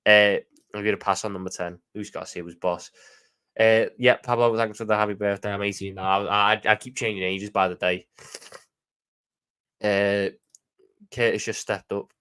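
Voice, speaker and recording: A man's voice: fairly low pitch, little pitch movement, moderate pace, long pauses, pushed and bright, clear, resonant tone. Chatty Scouse man streaming. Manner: chatty, reads out viewer questions and answers them off the cuff. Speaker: streamer answering chat. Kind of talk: casual live-stream chat.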